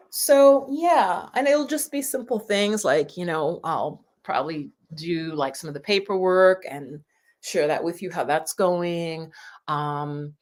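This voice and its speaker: A woman hosting a live stream for her channel, chatting casually with viewers in a rambling, laughing way. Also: on the low side. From United States. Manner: chatty and warm, with frequent laughs and rambling asides. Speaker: YouTube channel host.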